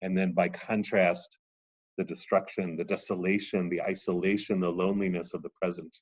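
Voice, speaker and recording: Low-pitched guy lecturing, reads passages dramatically, muffled lo-fi audio. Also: flat delivery, normal speed, breathy edge. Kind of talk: reading and explaining a text.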